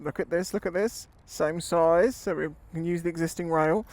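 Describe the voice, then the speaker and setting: A man's voice: fairly high pitch, steady tone, normal speed. A man chatting casually on a motorcycle ride, rambling and laughing easily. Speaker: motovlogger. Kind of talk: casual chat while riding. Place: outdoors on a motorbike in town traffic. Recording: loud road and traffic noise.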